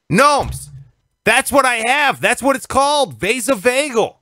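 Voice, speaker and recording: Man, radio host, casual storytelling, animated, acts out voices, lively pitch, dry close sound. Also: brisk, no echo. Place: radio studio.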